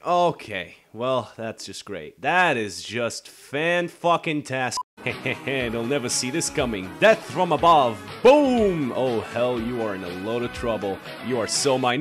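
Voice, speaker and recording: Foul-mouthed man in animated gaming commentary. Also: medium pitch, normal speed, few pauses, faint music behind. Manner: swears constantly, swings between mock bravado and frustration; sarcastic. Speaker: gameplay commentator. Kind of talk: profane live gameplay commentary.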